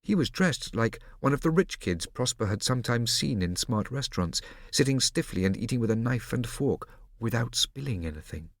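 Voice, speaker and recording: Reading an audiobook script, a man of medium pitch narrates in a measured, expressive storytelling style, captured dry and at studio quality.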